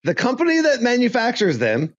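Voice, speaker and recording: Animated joking man, lively pitch. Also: a little fast, muffled recording. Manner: animated, joking, rambling with restarts. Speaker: podcast co-host. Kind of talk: casual chat.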